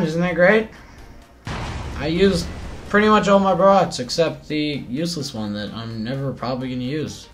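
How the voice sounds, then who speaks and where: A man's voice: on the high side, fairly bright tone. A man giving playful, chatty gameplay commentary, talking to himself and to his opponents as he plays. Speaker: mobile game channel host.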